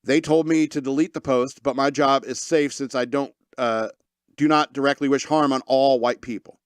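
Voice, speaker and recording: A man hosts a casual talk radio show, reading stories aloud and breaking off for sarcastic asides. His voice sits at a middling pitch. The sound is dry and close to the mic, with no room around it. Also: steady tone, moderate pace, clean tone, no echo. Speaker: podcast host reading news.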